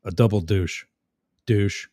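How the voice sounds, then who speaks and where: Sarcastic low-voiced male stream host. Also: slow, dark tone, no echo, studio quality. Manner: sarcastic, mocking and insulting. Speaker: livestream host. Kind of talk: casual live chat reading comments.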